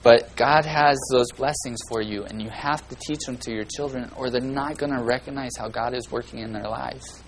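A man preaching a sermon in a folksy, earnest way, swinging between loud and hushed delivery. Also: medium pitch, fairly even intonation, moderate pace, hardly any pauses, a little hiss or hum, rough recording. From California.

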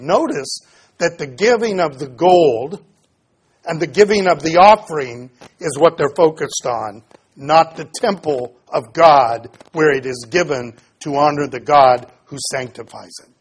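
A man preaching an expository sermon, reading scripture aloud and then explaining it with pauses and fillers. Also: a little high, lively intonation, breathy edge. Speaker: pastor.

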